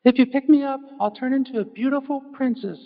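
A tiny female frog pipes up in a high, squeaky, insistent plea, as a man puts on her voice. The sound rings with a long hall echo and is a bit muffled. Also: fairly quick. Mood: pleading. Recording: dull sound in a reverberant hall.

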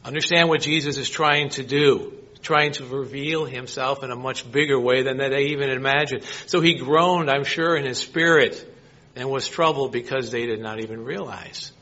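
A man's voice: medium pitch, normal speed, sharp tone, lo-fi sound. A man preaching a sermon, reading scripture and asking his listeners rhetorical questions. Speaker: pastor.

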